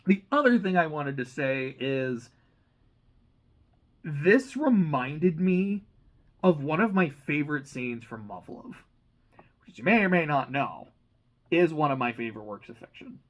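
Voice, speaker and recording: A young man giving a casual, excitable book reaction, rambling and swearing freely. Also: fairly high pitch, measured pace, long pauses, poor audio. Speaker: reaction channel host.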